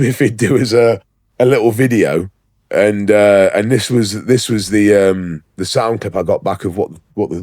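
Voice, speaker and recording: A man's voice: fairly low pitch, a little mellow, no room sound. Chatty man, dry close sound. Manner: chatty, lots of ums, quick laughs. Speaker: podcast co-host, show organiser. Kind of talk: casual chat.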